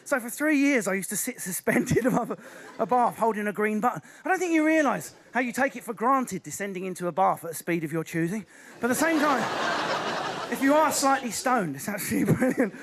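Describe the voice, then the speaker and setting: A young man with an Essex accent doing a fast, restless stand-up set on a stage. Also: high voice. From Essex, England. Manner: fast, restless, animated delivery with sudden put-on voices. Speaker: stand-up comedian. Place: theatre stage before a live audience.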